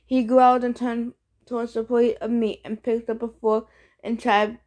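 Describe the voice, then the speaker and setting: A woman reading a chapter of a novel aloud in steady storytelling narration. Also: a little high, normal speed. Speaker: reader. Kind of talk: audiobook reading.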